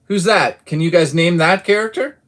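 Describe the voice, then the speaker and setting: Man from Boston, casual live-streamer, loose and profane, reads chat aloud, a touch higher-pitched voice. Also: normal speed, a bit bright. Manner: chatty, swears casually, reads out chat messages.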